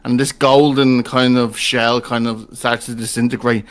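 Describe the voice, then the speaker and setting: A man's voice: mid-range voice, level tone, normal speed. A man running a tabletop game as game master, narrating loosely with lots of filler words and laughter.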